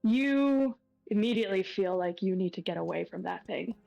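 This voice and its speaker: A woman narrating as game master of a tabletop horror game, unhurried and pausing with fillers as she describes each scene. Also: mid-range voice, animated, creaky, mellow, no room sound, muffled recording, faint music behind.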